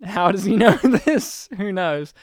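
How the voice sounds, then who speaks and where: A man with an Australian accent co-hosting a casual movie-review chat, telling stories in an animated, laughing, sweary way. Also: sits high, unhurried, no echo, studio quality. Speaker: podcast co-host.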